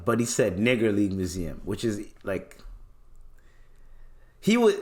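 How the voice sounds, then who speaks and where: A man hosting a podcast, ranting casually and animatedly with plenty of swearing and laughter. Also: mid-range voice. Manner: animated, profane, often laughing. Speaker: podcast host. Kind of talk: casual comedic rant.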